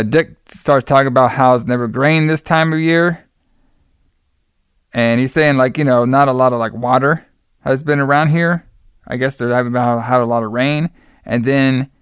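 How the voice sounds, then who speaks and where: A young man chats casually on a podcast, recapping a film scene by scene and slipping into the characters' voices as he goes. His voice sounds smooth and clear. The room sounds dry and close. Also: medium pitch, normal speed, no echo. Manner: animated storytelling, acts out characters' lines. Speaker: podcast co-host recapping a movie. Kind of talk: casual chat.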